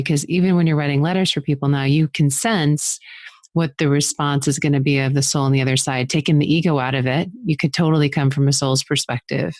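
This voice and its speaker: Woman host, unhurried, dry close sound. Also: low-pitched, steady tone, a little mellow, dry recording. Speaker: podcast host. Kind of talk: casual chat.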